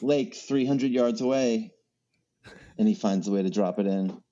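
A man's voice: fairly low pitch, measured pace, mellow, lo-fi sound. Rambling man telling golf stories. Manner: rambling storyteller, many fillers and restarts. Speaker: podcast guest. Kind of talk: casual chat.

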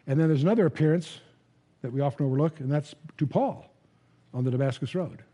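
A man gives a Bible lecture to a live audience, his voice pitched high for a man yet mellow and warm in tone. He talks conversationally, restarts phrases with repeated words and puts questions to the listeners. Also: fast talker. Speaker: Bible teacher.

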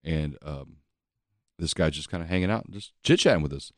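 A man with a very low voice spins a rambling, profane bar story and keeps breaking into laughter. His delivery swings widely in pitch. The sound is dry and close. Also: lively intonation, a little fast, no room sound. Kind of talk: casual chat, storytelling.

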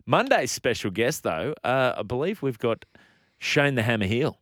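A man's voice: mid-range voice, sing-song, normal speed, fairly bright tone, no room sound, clean studio sound. An Australian man hosting sports radio, easygoing, reading out listener messages and bantering. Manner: easygoing, reads out listener texts. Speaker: radio host.

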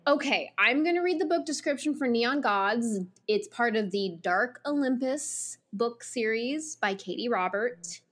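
A woman co-hosting a podcast who reads a book description aloud with expressive delivery. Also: on the high side, a little slow, few pauses. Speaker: podcast co-host. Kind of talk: casual chat and reading a book blurb aloud.

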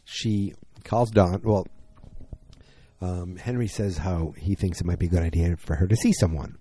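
A man's voice: low voice, steady tone, normal speed, dark tone, husky. A tired man recapping a TV episode late at night in a casual, rambling way, full of fillers and restarts.

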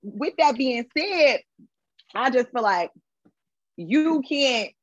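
Podcast guest, woman, higher voice with a husky edge, dull muffled sound. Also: animated, takes it slowly, no room sound. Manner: conversational, repeats filler words. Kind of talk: casual podcast chat.

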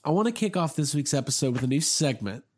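Young guy hosting a podcast, kinda high voice, rambles and gets excited, jokes about himself. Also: quick pace. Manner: excitable, rambling, self-mocking. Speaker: podcast host. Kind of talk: casual chat.

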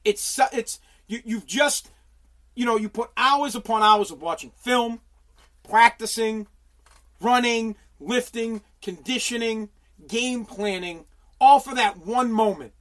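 A middle-aged man ranting on a solo livestream, swearing and restarting his sentences, hoarse and losing his voice. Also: very high voice, slow pace, fairly bright tone. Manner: profane heated ranting, stumbling restarts.

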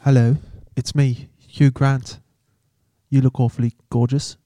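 A man's voice: medium pitch, level tone, measured pace, mellow, no room sound, close to an everyday voice. A man putting on a charming, flirty English movie star voice. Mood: flirty, smug. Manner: posh English put-on accent, smooth and flirty.

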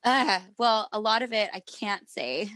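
A woman's voice: mid-range voice, expressive, a little slow, sharp tone. A woman in her thirties, a manager and parent, telling a story in casual chat and acting out the quotes.

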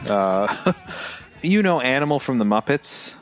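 A man co-hosting a podcast in casual chat, excitable and laughing often, acting out drum sounds. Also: medium pitch, slow. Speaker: podcast co-host.

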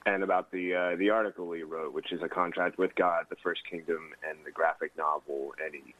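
A man hosting a radio interview, talking haltingly with many fillers. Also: low voice, fairly even intonation, fairly bright tone. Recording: tinny phone-like radio sound.

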